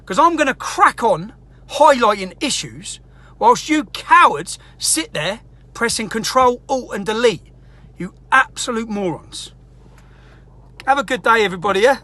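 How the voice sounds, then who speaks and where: A woman's voice: fairly high pitch, lively intonation, measured pace, sharp tone. A woman delivering an angry, indignant rant, swearing as she goes. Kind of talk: angry ranting monologue.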